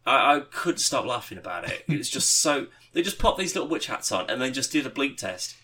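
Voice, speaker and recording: A man's voice: medium pitch, sing-song, brisk, crowd noise. A man hosting a podcast, telling rambling anecdotes with lots of fillers and swearing. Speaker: podcast host. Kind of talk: casual chat.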